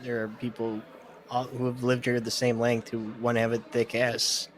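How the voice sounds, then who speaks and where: A man's voice: medium pitch, monotone, moderate pace. Blunt Midwestern guy from Ohio. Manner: blunt, casual swearing, hedging fillers. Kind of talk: casual chat.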